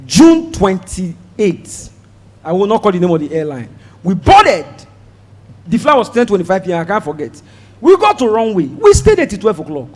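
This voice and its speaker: A Nigerian man performs stand-up, his voice sitting high and leaping all over the place as he tells the story. He acts out the people in it and breaks into shouts along the way. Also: normal speed, long reverb tail. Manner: animated, shouts and mimics voices while telling the story. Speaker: stand-up comedian.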